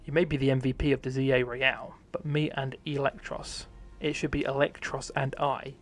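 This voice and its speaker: A man's voice: medium pitch, level tone, moderate pace, soft background music. A young man casually commentating his game live on stream, swearing often, mocking himself and laughing easily.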